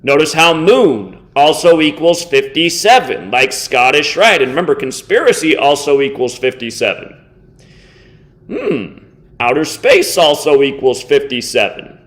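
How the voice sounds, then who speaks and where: A man in his thirties delivering an angry reaction commentary, contemptuous and insulting, swearing heavily and slowing down to mock. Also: a little high, sing-song, fairly bright tone. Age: 30s. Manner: sarcastic, slows down to mock. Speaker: online video host.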